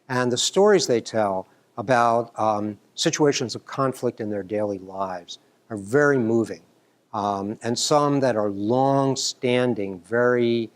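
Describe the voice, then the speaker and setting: A middle-aged man from New York speaks at a writing symposium with a mid-range voice. He talks earnestly, pausing on ums and restarting phrases as he explains his teaching. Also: medium pitch. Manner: earnest, hesitant, many ums and restarts, leans into quoted dialogue. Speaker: writing professor giving a symposium talk. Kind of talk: academic conference talk.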